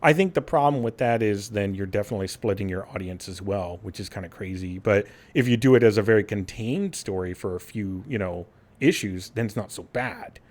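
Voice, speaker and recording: A man's voice: fairly low pitch, a little fast, hardly any pauses, darkish tone. A man hosting a gaming podcast in casual chat. He laughs often and acts out quotes in silly voices. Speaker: podcast host.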